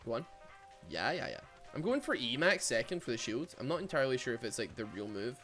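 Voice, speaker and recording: A man with a Glaswegian Scottish accent giving chatty, excitable commentary over his game, laughing often and trailing off into fillers. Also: mid-range voice, fast talker, soft background music. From Glasgow, Scotland. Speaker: streamer. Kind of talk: casual gameplay commentary.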